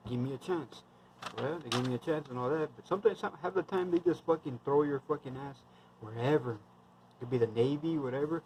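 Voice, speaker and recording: A man's voice: mid-range voice, fairly quick, a little mellow, a little hiss or hum, low-quality recording. Blunt, foul-mouthed man in his thirties. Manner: heavily profane, rambling, blunt. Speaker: military veteran vlogger. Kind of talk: casual storytelling monologue.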